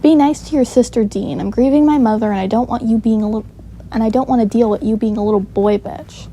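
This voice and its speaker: A woman reading as a cold, snappy mother who answers everyone bluntly. The voice is fairly high and soft-toned, with a light hiss in the background. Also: fast talker, natural voice. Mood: snippy. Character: sharp-tongued grieving mother, rude and cold.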